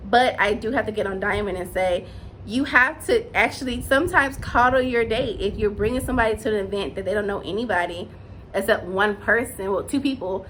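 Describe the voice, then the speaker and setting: A young woman casually reviewing a reality show, chatty and gushing, breaking into high squeals when excited. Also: slight background noise, low-quality recording.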